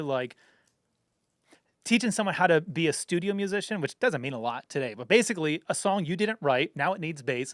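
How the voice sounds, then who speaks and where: A bass-playing teacher in a casual podcast chat, a man explaining his ideas through examples and checking in with asides. His voice sits a little high for a man. The sound is dry and close, with no room around it. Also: a bit bright, no room sound. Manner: explains with examples, many "you know what I mean" asides. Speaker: bass player and music teacher.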